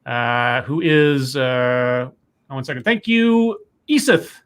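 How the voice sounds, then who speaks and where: A man's voice: medium pitch, slow pace, clear, resonant tone. A man co-hosting a casual talk stream, reading news stories and viewer messages aloud and correcting himself as he goes. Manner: reads quotes aloud, self-correcting.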